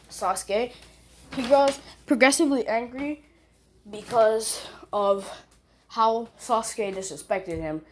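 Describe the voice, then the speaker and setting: A young woman casually retelling a fan story, rambling, self-correcting and full of fillers. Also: fairly high pitch.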